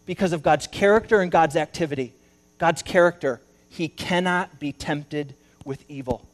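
A male pastor giving a sermon, telling a story and swinging between loud emphasis and hushed asides. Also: fairly high pitch, moderate pace.

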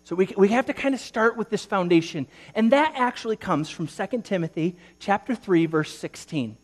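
A male pastor preaching a sermon, reading scripture aloud with emphasis and speaking in an animated way. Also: high-pitched, normal speed.

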